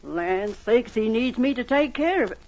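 Annie, a folksy restaurant owner. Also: female voice, on the high side, expressive, moderate pace, darkish tone. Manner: folksy, fussing. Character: warm, spirited woman who runs a restaurant. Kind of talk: 1940s radio acting. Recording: dull old radio broadcast with hiss.

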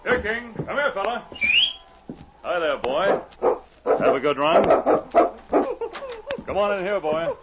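An actor playing a calm, kindly Mountie sergeant in an old radio drama. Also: male voice, high-pitched, slow, long pauses. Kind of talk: 1950s radio drama acting. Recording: dull old radio broadcast with hiss.

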